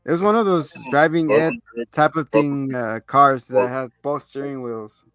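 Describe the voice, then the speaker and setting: Casual male co-host, animated recap style, dry close mic with faint music under. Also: medium pitch, clean tone, no echo. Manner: animated, acts out characters' lines in quick bursts. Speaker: podcast co-host.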